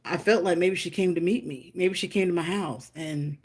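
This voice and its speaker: A rambling, chatty woman hosting a casual livestream. She has a fairly low voice that leaps into high, loud exclamations. She talks straight to her viewers and greets them by name. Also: moderate pace. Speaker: livestream host.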